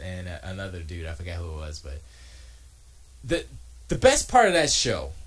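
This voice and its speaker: Animated man ranting casually. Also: mid-range voice. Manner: animated, restarts a lot, mocking asides. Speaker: streamer and podcast host. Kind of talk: casual rambling commentary. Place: home studio.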